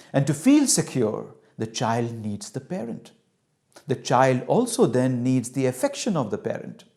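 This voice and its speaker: A man leads a lecture by telling a story and acting out each part. His pitch swings widely between high and low. He speaks in a middle register. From India. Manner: animated, acts out dialogue. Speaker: cultural intelligence trainer.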